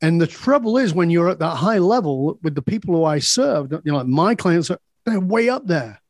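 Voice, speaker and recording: Blunt storytelling man, high voice. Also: animated, normal speed, no echo, clean studio sound. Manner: blunt, storytelling, acts out quoted dialogue, swears freely. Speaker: podcast guest, leadership speaker. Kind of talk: casual interview conversation.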